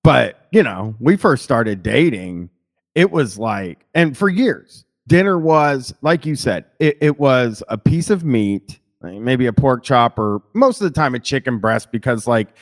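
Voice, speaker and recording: A man's voice: mid-range voice, lively intonation, measured pace. Rambling man swearing in casual chat. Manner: rambling, frequent restarts and swearing, laughs easily.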